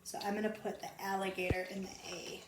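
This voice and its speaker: A woman teaching a phonics lesson to young children, sounding out letters slowly and repeating each word. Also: mid-range voice, level tone. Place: home. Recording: roomy echo, mic at a distance, faint background noise.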